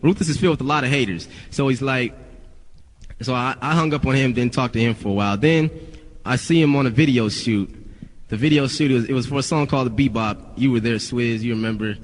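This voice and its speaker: Young man, rapper, casual storytelling, swears a lot, restarts sentences, medium-pitched voice, reverb. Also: fairly quick. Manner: profane, rambling with many restarts.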